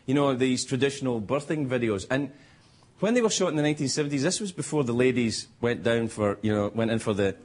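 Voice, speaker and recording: A middle-aged late-night host talks fast in a mid-range, darkish voice during his stand-up monologue before a live TV studio audience. Rambling and self-interrupting, he chuckles at his own jokes, and the noisy studio sound includes crowd laughter.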